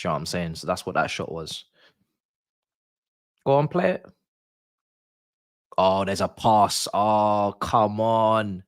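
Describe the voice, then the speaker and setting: A man's voice: lowish voice, no echo, studio quality. A man streaming a live watch-along, chatty and slangy, with casual commentary on the match. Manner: chatty, slangy, groans and repeats "no" when annoyed.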